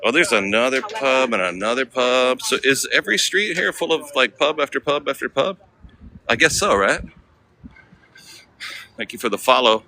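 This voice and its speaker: A man's voice: medium pitch, animated, moderate pace, pauses often, bright, forceful tone. An American man live-streaming as he walks city streets, chatting casually with viewers in slang. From United States. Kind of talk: walking live-stream vlog.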